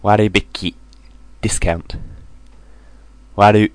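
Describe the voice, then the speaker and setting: A man with a deep voice reads a vocabulary list at a very unhurried pace, pausing between each word and its English meaning. The sound is dry and close, with no room around it. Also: smooth, no room sound. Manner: reads each word then its English gloss, flat and measured. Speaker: language teacher. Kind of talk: vocabulary drill reading.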